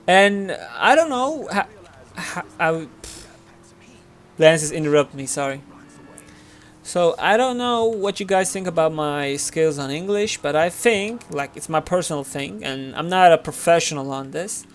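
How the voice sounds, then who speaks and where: A man with a Turkish accent talks casually over his gameplay in a slightly high voice. He rambles, leaning on fillers. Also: animated, measured pace, a little hiss or hum. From Turkey. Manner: rambling, filler-heavy, chatty. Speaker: gaming channel host.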